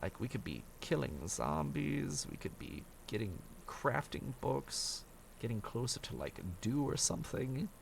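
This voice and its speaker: Gravelly, grumbling gamer man. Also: mid-range voice, very animated, measured pace, a little hiss or hum. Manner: grumbling, profane, self-mocking. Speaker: streamer playing a survival game. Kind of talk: casual gameplay commentary.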